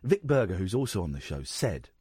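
A man's voice: low voice, big pitch swings, a little fast, darkish tone, breathy edge, no echo, clean studio sound. A man hosting a radio show, reading news stories aloud and breaking off with sarcastic asides. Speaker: radio host. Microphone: studio microphone.

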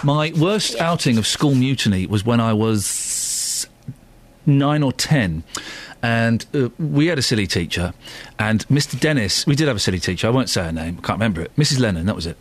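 A man hosting a radio show, telling school stories in a jokey, animated way. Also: medium pitch, moderate pace, slight background noise. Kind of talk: casual radio banter.

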